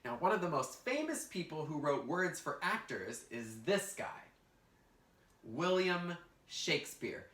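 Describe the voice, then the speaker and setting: A man's voice: on the high side, big pitch swings, measured pace, a bit bright, reverberant, recorded from a distance. A man teaching a virtual drama lesson to children, upbeat and encouraging as he guides them step by step. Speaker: teaching artist. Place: indoor room, recorded for an online class.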